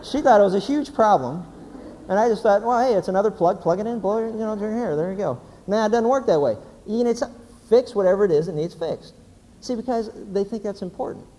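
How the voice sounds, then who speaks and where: A man, a pastor, giving a humorous sermon as an animated, joking storyteller. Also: sits high. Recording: hall reverb, faint background noise.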